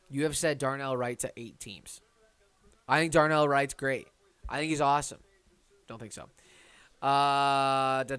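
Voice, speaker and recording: A man hosting a casual live-stream watch party, reading viewer comments aloud and reacting. He is excitable and swings between loud bursts and low muttering. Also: clean tone. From Detroit area. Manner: excitable, talks to chat and his pet, swings from loud to muttering.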